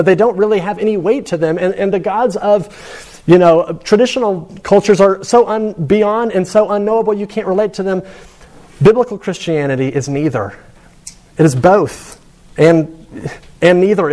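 A man's voice: high-pitched, warm tone. A man giving a sermon to students in a conversational, storytelling way. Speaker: preacher.

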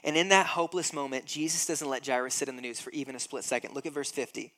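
A man's voice: medium pitch, fairly even intonation, fast, bright, forceful tone. A man in his thirties preaching a sermon, emphatic and acting out scenes with growing intensity. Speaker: pastor.

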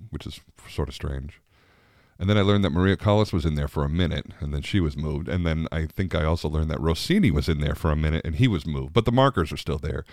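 A man with a very low voice talks his way through a loose, chatty podcast monologue. He rambles and laughs easily as he goes. The sound is dry and close, with no room echo. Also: a little mellow. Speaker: podcast host. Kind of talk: casual monologue.

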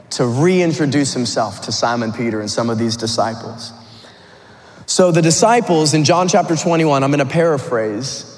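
A man preaching a sermon, retelling a story in an animated, conversational way with some humor. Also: medium pitch. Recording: long hall reverb.

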